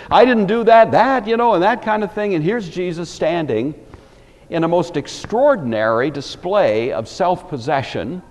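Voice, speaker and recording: Guy giving a bible lesson, chatty with lots of asides, voice goes up and down a lot, big echoey hall. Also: a little high. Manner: conversational, thinking aloud with asides. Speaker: Bible teacher. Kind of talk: lecture on a Bible passage.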